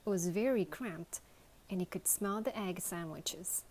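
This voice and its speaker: A woman reading a children's novel aloud as a bedtime story, in a gentle, measured way. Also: lowish voice, poor audio. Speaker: storybook reader.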